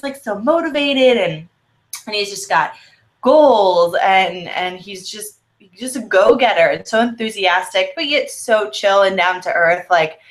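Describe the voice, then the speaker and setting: Bubbly and chatty, a co-host with a medium-pitched, fairly bright voice laughs often during a casual conversation. She has a slight American Southern drawl.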